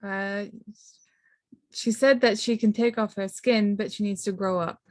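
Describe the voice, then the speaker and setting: A woman player in a tabletop role-play, speaking quickly and reassuringly, partly in character. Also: medium pitch, steady tone.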